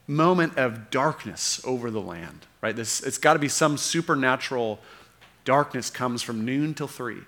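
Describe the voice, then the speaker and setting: A man's voice: mid-range voice, animated, normal speed, fairly bright tone. A man preaching a sermon, earnest and unscripted, with frequent fillers and restarts.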